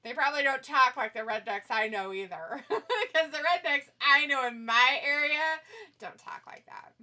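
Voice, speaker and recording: A woman's voice: sits high, normal speed, bright, forceful tone. A woman co-hosting a live stream, chatting casually, teasing and laughing often while reading viewer comments. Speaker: stream co-host.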